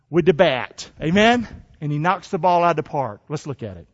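High-voiced, fiery preaching pastor. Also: male voice, brisk. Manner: energetic, call-and-response preaching with folksy asides. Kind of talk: sermon. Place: church. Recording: dull lo-fi church recording with long reverb.

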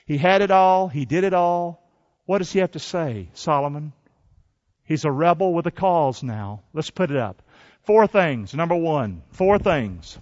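A man preaching a sermon as pastor, energetic and folksy, calling on the congregation to answer and repeat after him. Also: high-pitched. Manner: energetic, call-and-response preaching with folksy asides. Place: church. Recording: dull lo-fi church recording with long reverb.

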